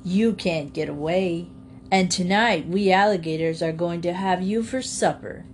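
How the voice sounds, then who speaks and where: A hungry alligator gloats over its supper in this storybook, voiced by a woman reader. The voice drops a little lower and taunts with menace. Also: a little slow, slight background noise, close to an everyday voice. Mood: gloating.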